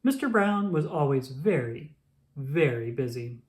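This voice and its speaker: Low, lively woman reading a kids' story. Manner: expressive, slow and deliberate. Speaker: children's book reader. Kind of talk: storybook read-aloud.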